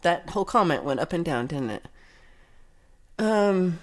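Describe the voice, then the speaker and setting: A woman's voice: low-pitched, very animated, slow. A woman hosting a casual livestream chat, reading viewer comments aloud and reacting with giggles and chatty asides. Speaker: livestream host.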